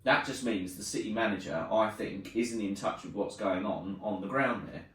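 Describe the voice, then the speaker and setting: A man's voice: lowish voice, normal speed, recorded from a distance. A man co-hosting a live podcast, chatting casually and reading out news with joking asides. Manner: reads news aloud in a flat drawl, joking asides. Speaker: podcast co-host. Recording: echoey room, off-mic.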